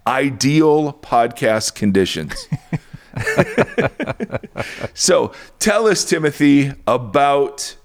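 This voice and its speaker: A man's voice: medium pitch, animated, takes it slowly, hardly any pauses. A man co-hosting a podcast in casual chat, playful and self-deprecating, rambling and worn out after a booster shot. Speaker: podcast co-host.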